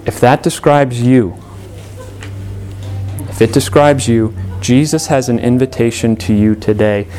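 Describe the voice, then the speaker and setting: A man preaching a sermon in an earnest way, repeating key phrases, with big rises and falls in pitch. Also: unhurried, long pauses, mellow, faint music behind. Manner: earnest, repetitive preaching with sweeping pitch swings.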